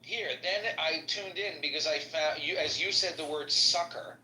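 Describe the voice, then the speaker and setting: A man with a somewhat high, very bright and tense voice asks blunt, sarcastic questions and swears freely. He talks in casual podcast chat. A strong room echo hangs around him. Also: moderate pace, slight background noise. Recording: echoey room.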